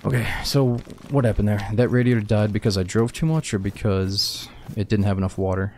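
A man's voice: lowish voice, fairly quick, a little mellow, a little hiss or hum. A man streaming a survival game, giving casual commentary, swearing freely and calling people "dude".

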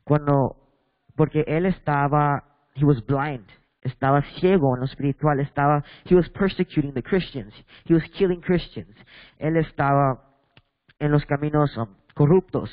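A man gives a bilingual church sermon, reading from scripture and alternating between English and Spanish with halting restarts while he questions the people listening. His voice sits fairly high. It sounds like a phone recording, dry yet with a big-room character.

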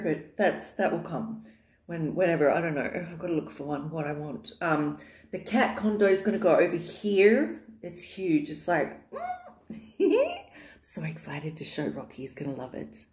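A woman's voice: on the low side, darkish tone. A woman chatting casually in her vlog, gushing and affectionate, with lots of fillers, filmed in the living room of her new home. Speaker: vlogger. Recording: echoey bare room.

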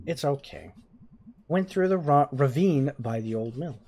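A streamer reading aloud the lines of a sardonic young woman in a video game, in a flat, offhand way. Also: mid-range voice, measured pace, slight background noise. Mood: deadpan.

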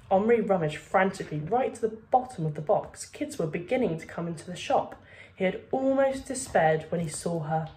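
A woman reading a children's book aloud with steady, expressive narration. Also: on the low side, moderate pace. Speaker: reader. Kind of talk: storybook read-aloud.

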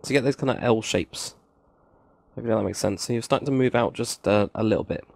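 A man's voice: lowish voice, fast, vocal fry, a little mellow, no echo, studio quality. A man hosting a casual building tutorial, counting blocks aloud with chatty, self-mocking asides. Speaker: game tutorial host.

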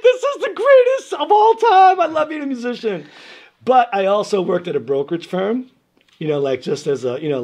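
Husky New man telling stories. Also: a little high. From New York. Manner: animated storyteller, loud when acting out quotes. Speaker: guest musician. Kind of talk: casual interview storytelling.

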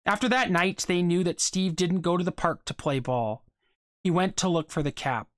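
A reader narrating a short story aloud for students, in a steady, measured manner. The voice sits at a middle pitch, and the recording is dry and close with no room sound. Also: dry recording.

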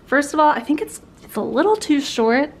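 A bubbly young woman talks through a clothing haul in a casual vlog, gushing and laughing between sentences. Her voice sits a little high for a woman and bounces with excitement. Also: moderate pace. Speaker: vlogger.

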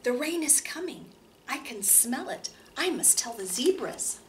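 A woman's voice: high voice, sing-song, a little slow, slight background noise. A woman voicing a small female porcupine in whispered role-play for a children's storybook. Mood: hushed.

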